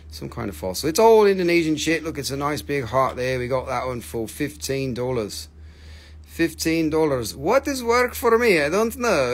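Male host of a live rock sale; rambling, jokey and profane, slightly high-pitched. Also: fairly bright tone, husky. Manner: forgetful, filler-heavy. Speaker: host selling rocks on a live stream. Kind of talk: casual live sales chat.

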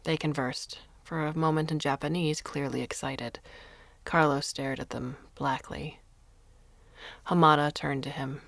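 A woman narrating a short story in a measured storytelling manner into a close mic. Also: low voice, steady tone, vocal fry, fairly bright tone, dry recording. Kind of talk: scripted narration.

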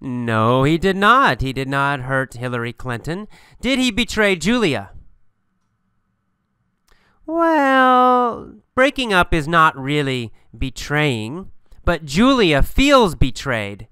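A man teaching English through a story, speaking slowly and emphatically and asking and answering his own questions. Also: fairly high pitch, big pitch swings, bright, forceful tone, smooth, no room sound. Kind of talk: storytelling language lesson.

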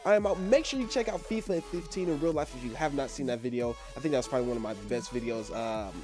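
A young man, a gaming YouTuber, casually wrapping up his video in a quick, relaxed way. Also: over music. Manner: quick, relaxed, low-key.

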